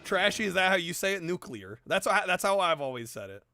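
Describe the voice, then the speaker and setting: A male streamer chatting casually with his viewers, animated and argumentative, laughing often and swearing now and then. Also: high voice, fast talker. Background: background music.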